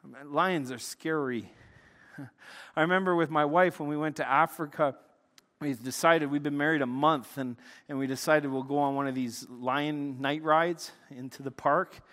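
A middle-aged man preaches with a fairly high voice, his words trailing off into the long reverb of a large hall. He tells stories animatedly, getting loud and excited, then drops to a hushed, intense delivery. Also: normal speed. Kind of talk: sermon with storytelling.

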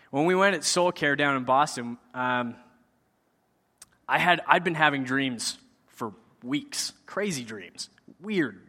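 A man with a pushed, bright mid-range voice shares his personal faith testimony casually and conversationally. He acts out the lines he quotes from himself, and the recording carries a long hall reverb.

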